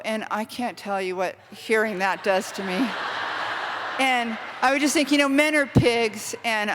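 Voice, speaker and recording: A middle-aged woman author giving an animated, self-deprecating storytelling talk to a university audience. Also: a little high, big-room sound. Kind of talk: lively storytelling lecture. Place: university lecture hall.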